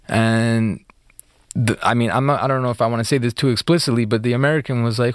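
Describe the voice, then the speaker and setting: A man being interviewed, retelling events in a fast, animated way with many fillers. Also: mid-range voice, dry recording, studio quality, faint music behind. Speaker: interview guest. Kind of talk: casual storytelling interview.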